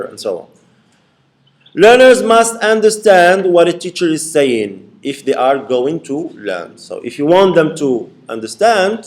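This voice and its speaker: Male lecturer in a classroom, a bit higher-pitched, repetitive, keeps checking comprehension. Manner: explains by repeating points, checks in with "okay?". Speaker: university lecturer.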